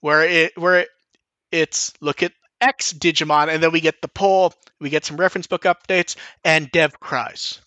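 A man hosting a podcast in casual chat, rambling and animated, swearing casually. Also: a little high, normal speed, no room sound. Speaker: podcast host.

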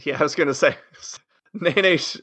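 Bright-voiced man chiming in casually. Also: a little high, measured pace, slightly rough. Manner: short reactive quips and agreement. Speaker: podcast co-host. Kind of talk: casual chat.

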